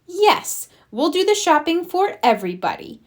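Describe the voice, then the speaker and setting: A hearty, kindly granny pig, as a woman reads her from a picture book. Her speech rises and falls in a lively, friendly way. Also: very high voice, moderate pace, voice pushed up.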